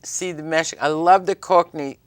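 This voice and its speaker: A talk show host who guides a studio interview with friendly, rambling questions. The recording is close and dry with no room echo. The voice sits at a middling pitch. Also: steady tone, moderate pace.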